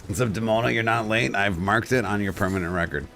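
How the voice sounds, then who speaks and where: A man's voice: fairly low pitch, fast, creaky, a bit bright, faint music behind. Blunt, crude-joking male streamer. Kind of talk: casual livestream chat.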